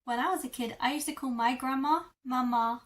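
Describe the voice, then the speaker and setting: A woman teaching French vocabulary in a lesson video, repeating words slowly syllable by syllable. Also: sits high, fairly even intonation, distant mic. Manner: slow, drawn-out repetition of words. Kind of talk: language lesson.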